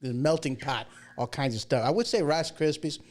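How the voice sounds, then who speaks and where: A man's voice: on the high side, normal speed, a little hiss or hum. A man hosting a casual livestream talk show, chatty and folksy, rambling through asides and jokes. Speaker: show host.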